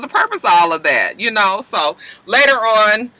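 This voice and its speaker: A man casually recapping a TV episode in an animated, chatty way, with frank, salty asides. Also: sits high, moderate pace, dry recording. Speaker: TV episode reviewer.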